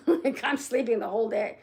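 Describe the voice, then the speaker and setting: A woman's voice: a little high, normal speed, vocal fry, a little mellow. Chatty middle-aged woman, rambling vlogger. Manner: rambling, chatty, frequent "right?" tag questions. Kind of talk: casual chat to camera.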